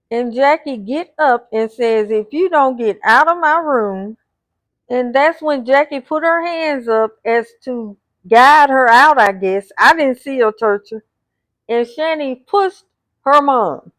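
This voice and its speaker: Recap host: a woman, high voice, unhurried delivery, retelling the drama with pointed remarks. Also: no echo. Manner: retells scenes, reading out the cast's lines; blunt asides addressed to the cast. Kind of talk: episode recap narration.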